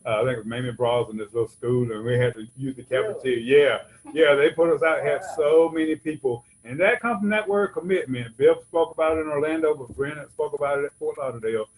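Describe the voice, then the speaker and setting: A man's voice: mid-range voice, fast talker, poor audio. A man giving a rambling, conversational personal testimony at a recovery convention. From Georgia. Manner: rambling, conversational, frequent "you know what I'm saying". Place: convention hall stage.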